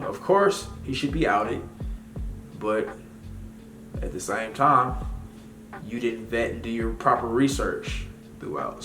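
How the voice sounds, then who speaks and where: A man's voice: mid-range voice, pushed and bright. A man giving casual commentary as a vlogger, rambling with slang and lots of fillers. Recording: echoey room with faint music.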